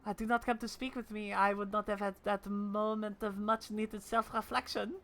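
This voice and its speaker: A woman voicing a humble, apologetic male goldsmith in a mock French accent while reading game dialogue aloud, slow, soft and formal. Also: mid-range voice, flat delivery, natural voice. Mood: earnest.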